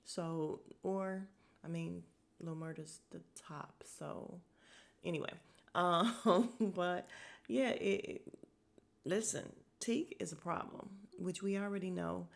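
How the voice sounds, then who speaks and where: A woman's voice: on the low side, fairly even intonation, takes it slowly, vocal fry. A woman hosting a podcast, recapping a TV episode in a chatty, frank way, laughing and swearing as she goes. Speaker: podcast host.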